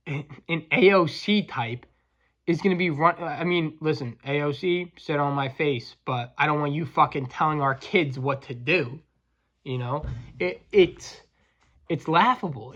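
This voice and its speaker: A man's voice: on the high side, fairly bright tone, muffled recording. Crude ranting man on a podcast. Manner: crude, combative, stumbling restarts. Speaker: podcast host, welder. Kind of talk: profane comedic rant.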